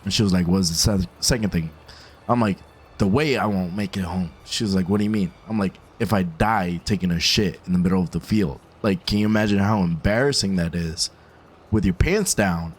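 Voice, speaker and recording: Male instructor, casual storyteller, slightly low voice, animated and loose. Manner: animated, laid-back, swears casually. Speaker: firearms instructor.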